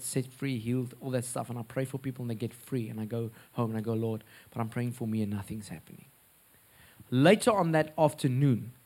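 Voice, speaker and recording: Earnest South African man preaching. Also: medium pitch. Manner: storytelling, earnest and expressive. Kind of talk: sermon.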